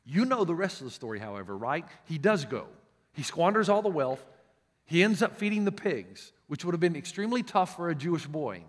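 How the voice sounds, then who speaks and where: A man's voice: on the high side, big pitch swings, brisk. A male pastor with a Southern US accent preaching a sermon, telling stories emphatically and often restarting his words. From United States. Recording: long reverb of a large hall.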